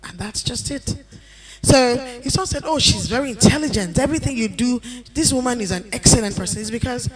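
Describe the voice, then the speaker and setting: A woman's voice: fairly high pitch, expressive, fairly quick. A woman speaking on a conference panel, giving earnest advice and repeating her key points. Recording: event hall with crowd noise.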